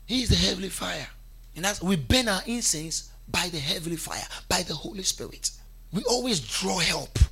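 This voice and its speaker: A man preaching a sermon with emphasis, urging his congregation to repeat lines after him. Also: breathy edge. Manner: emphatic, rises to fervent shouts and drops low. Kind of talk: sermon with congregation call-and-response.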